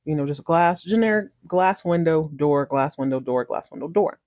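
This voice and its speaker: A woman host recaps a soap episode in an animated, indignant, conversational way. Her voice is fairly low and mellow. The recording is close and dry. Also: moderate pace, no echo. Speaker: podcast host.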